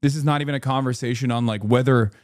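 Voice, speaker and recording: A man ranting on a stream, indignant and fired up, often restarting his sentences. His voice sits at a middle pitch, and the sound is dry and close with no room echo. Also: steady tone, fast talker. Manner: heated, indignant, frequent restarts and fillers. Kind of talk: political commentary stream.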